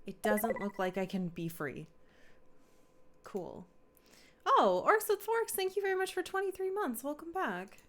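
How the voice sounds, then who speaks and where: A woman's voice: on the high side, expressive, moderate pace, a little hiss or hum. A woman live-streaming a game, chatting casually, swearing and thanking viewers.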